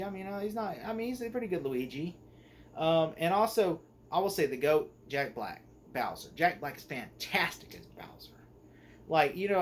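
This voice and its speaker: A man's voice: on the high side, slight background noise. Rambling young man reviewing a movie. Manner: rambling, animated, many fillers and restarts. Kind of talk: casual spoken movie review.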